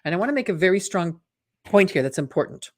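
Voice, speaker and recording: Speaking fast in a fairly low, lively voice, a woman mental fitness coach hosts a live webinar in a conversational style. She voices imagined inner thoughts as quotations and chats with listeners, frequently asking "right?".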